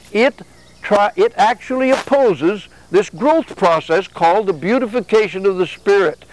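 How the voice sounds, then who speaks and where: A man's voice: high-pitched, a little hiss or hum, rough recording. A man giving a sermon in a conversational way, often acting out back-and-forth exchanges to make his points. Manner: conversational preaching with acted-out exchanges. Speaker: religious speaker.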